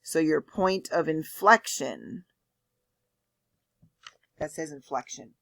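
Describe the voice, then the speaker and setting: A woman's voice: low voice, lively intonation, slow pace, creaky, fairly bright tone. A woman teaching a math lecture, explaining step by step and often checking in with "okay?". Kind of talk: lecture with board work.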